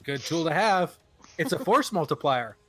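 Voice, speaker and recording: A man's voice: fairly high pitch, sing-song, moderate pace, bright, forceful tone, soft background music. A man bantering and arguing jokingly as a player in a tabletop game session. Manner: joking, argumentative.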